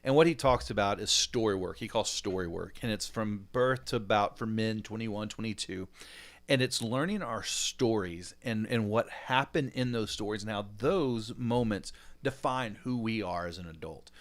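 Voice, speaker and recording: A man in his thirties hosting a podcast, telling stories with animated, casual, slangy talk and acting out the dialogue. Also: lowish voice, normal speed. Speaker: podcast host.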